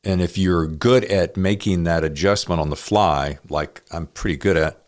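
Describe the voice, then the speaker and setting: A man hosting an interview podcast, talking in a measured, deliberate way with frequent fillers; he also narrates audiobooks. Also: low voice, darkish tone. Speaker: podcast host. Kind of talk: conversational interview.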